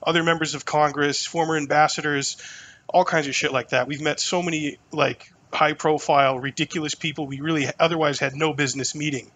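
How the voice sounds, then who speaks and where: A man in his thirties from New Hampshire, a podcast guest telling stories in casual, animated talk full of fillers and swearing. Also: a little high, fairly quick, a little hiss or hum. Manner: animated, profane, lots of fillers. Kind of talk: casual storytelling conversation.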